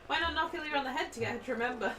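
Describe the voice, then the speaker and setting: Giggly high-voiced woman co-host. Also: very fast. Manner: giggly, teasing. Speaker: stream co-host reading chat. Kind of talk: casual livestream chat. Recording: distant mic with faint music.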